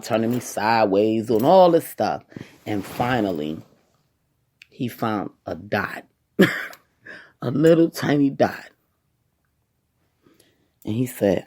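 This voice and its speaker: A woman talking casually to her viewers, retelling a personal story in a dramatic, animated way with many quoted asides. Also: a bass voice, measured pace, pauses often. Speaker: vlogger.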